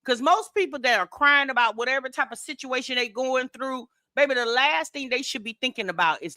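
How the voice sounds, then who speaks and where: Sex: woman. Role: podcast host. Style: sassy casual commentary. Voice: bright, somewhat high, very animated. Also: brisk, no echo. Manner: lively, sassy, laughing asides.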